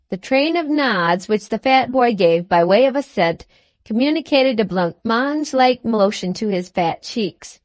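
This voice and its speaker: A woman narrating an audiobook of a classic novel in a measured, unhurried way. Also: fairly high pitch, lively intonation, no room sound. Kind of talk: scripted narration.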